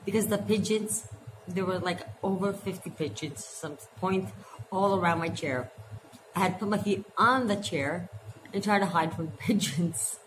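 Chatty woman vlogger, lowish voice. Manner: rambling, chatty retelling with quick asides. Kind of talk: casual storytelling vlog. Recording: noisy background ambience.

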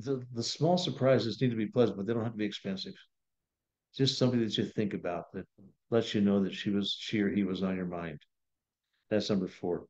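A male pastor teaches a Bible study in a conversational, storytelling style, acting out the quotes. His voice is on the low side and a little mellow, heard through dull, lo-fi video call audio.

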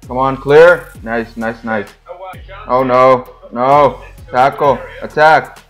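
A young man hosting his gaming channel, giving live, excitable commentary on a football game, yelling and groaning at the play and complaining often. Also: mid-range voice, slow, faint music behind.

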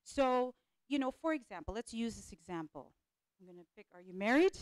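A woman speaker and life coach gives a lively motivational talk to a live audience at a conference panel in a conference hall, repeating phrases and frequently checking in with "right?". She speaks fairly high and fairly quickly, and the recording is dry.

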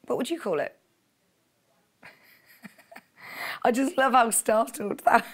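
A woman's voice: a little high, unhurried, pauses often, fairly bright tone. A woman presenting fabric on a live TV shopping channel, chatty and gushing, with frequent gasps and laughs. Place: TV studio.

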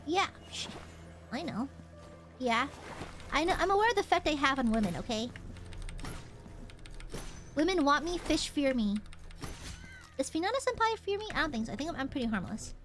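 A woman streamer giving casual gameplay commentary, playful and boastful, swearing and talking to her chat. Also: high-pitched.

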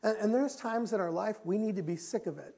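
A man's voice: high voice, brisk, creaky, noisy background. Impassioned male pastor preaching a sermon. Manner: impassioned, repetitive, swings between loud and soft; confessional, quiet when telling his own story.

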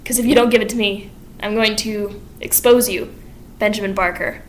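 A woman's voice: medium pitch, fairly even intonation, moderate pace, a little hiss or hum, close to an everyday voice. A woman voicing a smug, blackmailing male rival barber who talks in a demanding way.

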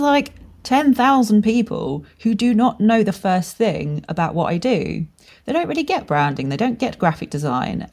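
Frank, swearing woman podcaster, lowish voice. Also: darkish tone. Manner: candid, swears freely, storytelling with laughs. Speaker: podcast host and brand strategist. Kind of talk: casual solo podcast monologue.

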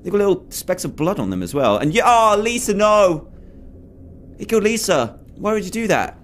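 A man's voice: high-pitched, big pitch swings, normal speed, slight background noise. A young man hosting a horror game playthrough, jumpy and exclaiming as he talks to himself and his viewers. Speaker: gaming video host. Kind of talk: let's play commentary.

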